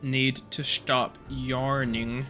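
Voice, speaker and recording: A man's voice: medium pitch, level tone, very slow, sharp tone. A tired, yawning man streaming a game, who talks in a casual, playful, self-mocking way and mutters to himself, with faint game music behind. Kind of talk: casual gaming stream chat.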